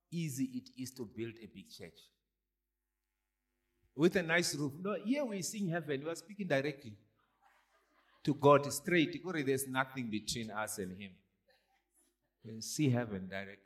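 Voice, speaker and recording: Man preaching with rhetorical questions. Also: fairly high pitch. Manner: call-and-response preaching, repeated rhetorical questions. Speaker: pastor. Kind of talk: sermon.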